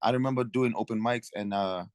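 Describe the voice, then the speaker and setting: A man's voice: fairly low pitch, a little fast, a little mellow, clear, resonant tone, no echo. A man from Africa, a guest comedian, chatting casually in a laid-back way with frequent swearing. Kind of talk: casual chat.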